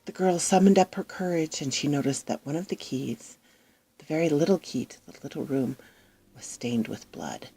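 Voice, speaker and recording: A woman narrating a dark fairy tale with expressive delivery that often drops into hushed whispers. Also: low voice, moderate pace, husky. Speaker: storyteller. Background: faint music.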